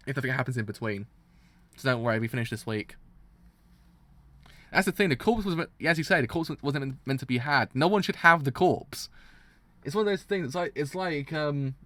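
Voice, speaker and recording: A man ranting in an animated, exasperated way about a story's villain on a live reaction stream, often restarting his sentences. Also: fairly high pitch.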